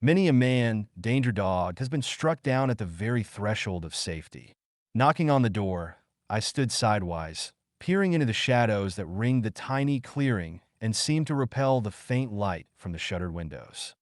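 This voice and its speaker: A man narrating an audiobook in a measured, suspenseful storytelling manner. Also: fairly low pitch, expressive, dry recording, studio quality.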